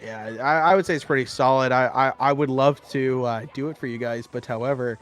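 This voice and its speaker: A man's voice: medium pitch, brisk, faint music behind. Laughing young man commentating a speedrun. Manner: laughs often, chatty, relaxed. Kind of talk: live esports commentary.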